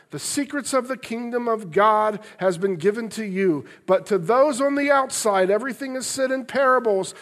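A male pastor preaching a sermon, earnest and expressive, moving between loud emphasis and soft, tender passages. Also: very high-pitched.

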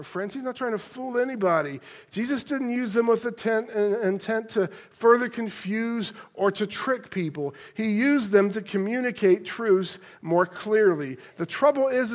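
Earnest and expressive, a high-voiced male pastor shifts from loud emphasis to soft, tender moments as he preaches his sermon.

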